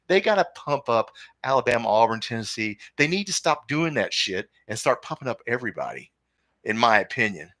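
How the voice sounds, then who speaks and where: A man's voice: medium pitch, sing-song, a little fast, sharp tone, no room sound, clean studio sound. A man hosting a live sports talk stream, opinionated and rambling, reading viewer comments aloud. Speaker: podcast host.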